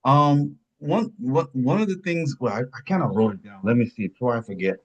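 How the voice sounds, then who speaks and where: Guy rambling on a movie podcast, mid-pitched voice, keeps restarting sentences. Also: brisk, muffled recording. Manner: rambling, searching for words, pitch jumps when surprised. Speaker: podcast co-host. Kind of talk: casual film review chat.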